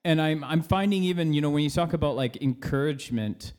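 Brief: male podcast co-host, a bit high-pitched, easygoing and jokey. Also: fast talker, a little mellow, clear, resonant tone. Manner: joking, easygoing. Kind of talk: casual chat.

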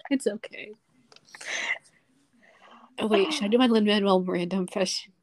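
A woman's voice: medium pitch, moderate pace, no room sound. A young woman co-hosting a casual book-club podcast, giggling between phrases. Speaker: podcast co-host.

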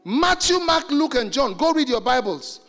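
A man from Nigeria preaching a sermon, animated and joking, shouting some points and stretching words. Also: very high-pitched, moderate pace, vocal fry, big-room sound, faint music behind.

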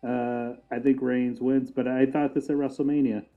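A man's voice: mid-range voice, level tone, normal speed, faint music behind. Guy cohosting a wrestling chat, lots of um and like, laughs a lot, phone-line tinny sound. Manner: laughs often, thinks aloud with fillers. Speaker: podcast co-host.

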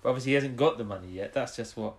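A man's voice: medium pitch, rapid-fire. A man co-hosting a show, recapping an episode in casual chat, rambling with restarts and tag questions. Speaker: podcast co-host.

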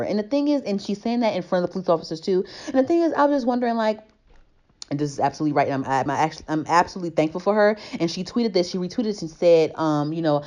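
A woman's voice: low-pitched, quick pace, dark tone. A young woman in casual chat, rambling with many restarts and growing heated as she talks. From family from Tobago.

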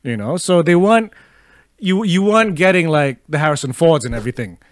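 A man's voice: fairly high pitch, animated, a little fast, dry recording, clean studio sound. A man in casual chat about movies who laughs often, swears freely and tells stories with animation.

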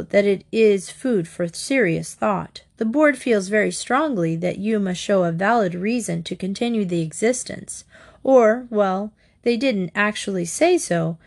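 A kindly middle-aged school official, formal and earnest, read by a woman. He speaks in measured, polite storybook phrasing. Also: medium pitch.

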